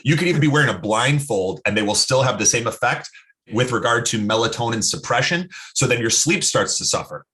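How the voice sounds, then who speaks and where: A man, a podcast guest talking health, telling stories in an animated, casual way with lots of fillers. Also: mid-range voice, a little fast. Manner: animated storyteller, many "like" fillers. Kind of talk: casual interview talk.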